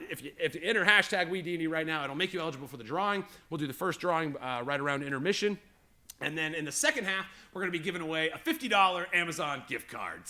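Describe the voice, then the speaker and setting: A man's voice: medium pitch, sharp tone. A man hosting a live tabletop game stream, talking in a rambling, heartfelt way full of fillers. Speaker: game master and show host. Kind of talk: livestream show introduction.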